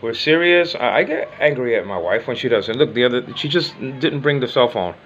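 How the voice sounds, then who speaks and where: A man's voice: mid-range voice, animated, a little fast, a bit bright, muffled recording, slight background noise. An older man whose first language is Spanish, chatting casually in a home vlog, rambling and repeating himself, teasing and affectionate. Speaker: vlogger.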